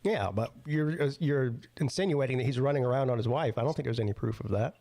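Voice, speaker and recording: A man in a relaxed sports podcast chat, his voice sitting in an ordinary middle pitch. He talks loosely and jokily, often mimicking how others speak. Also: fast, no echo. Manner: jokey, mimics coaches' accents.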